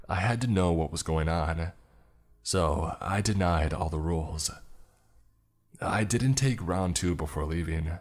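A man reading a first-person horror story in a slow, grave storytelling manner. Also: sits low. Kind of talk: scripted horror narration.

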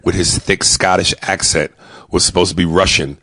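A man, a stand-up comic co-hosting a podcast, talking in casual, animated chat, swearing freely and mimicking people as he tells stories. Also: low voice, moderate pace.

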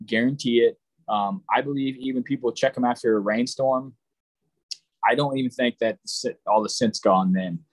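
A man's voice: medium pitch, darkish tone, dry recording, low-quality recording. A man giving a casual, plain-spoken lesson on deer hunting, with frequent ums and restarts. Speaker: hunting instructor. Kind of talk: casual instructional talk.

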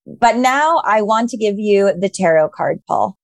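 A woman's voice: medium pitch, expressive, unhurried, vocal fry, no room sound. Enthusiastic young woman host, dry sound. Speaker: podcast host and tarot reader. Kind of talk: casual chat and tarot reading.

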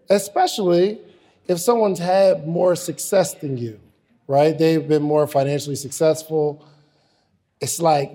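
A man's voice: on the high side, dark tone. Casual slangy man hosting onstage. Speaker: host. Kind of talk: live onstage interview.

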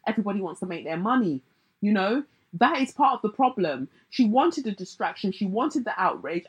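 A young woman with a husky, slightly breathy voice. She talks in a casual, blunt commentary style and is sarcastic and cutting. Her pitch sits in a middle range. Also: low-quality recording. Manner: blunt, sarcastic, mocks others in put-on voices. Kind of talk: casual pop-culture commentary.

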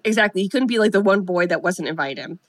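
A woman's voice: fairly low pitch, expressive, fast, dry recording. A woman co-hosting a podcast, chatting casually and sarcastically as she recaps a film and acts out the characters' lines. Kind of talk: casual chat.

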